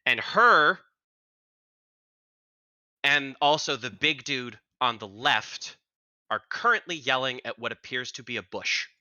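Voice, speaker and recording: A man narrating as game master in an animated, descriptive way. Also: mid-range voice, slow, long pauses, no echo, dull audio.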